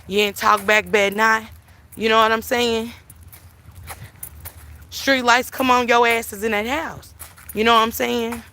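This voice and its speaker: A middle-aged woman hosting a livestream, telling stories in an animated, emphatic way, with plenty of swearing, while she walks outdoors and talks into her phone. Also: on the high side, unhurried, pauses often. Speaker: livestream host. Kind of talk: casual storytelling chat. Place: outdoors, walking through town.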